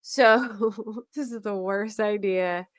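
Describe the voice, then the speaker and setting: A woman's voice: mid-range voice, slow pace, dry recording, studio quality. A woman from Pennsylvania with a Philadelphia accent, telling a rambling story on a live panel and laughing often. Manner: chatty and rambling, laughs often, says "like" a lot.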